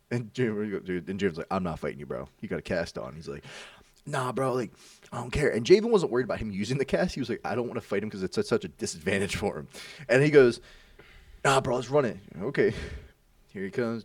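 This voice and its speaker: A young man casually telling animated stories among friends, swearing freely and acting out what people said. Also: on the low side, fast talker, dry recording, recorded from a distance.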